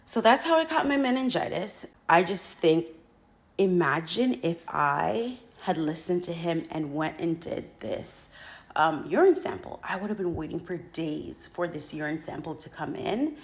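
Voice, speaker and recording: A woman telling a personal story in a casual, animated way, acting out what others said to her. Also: lowish voice, unhurried, poor audio.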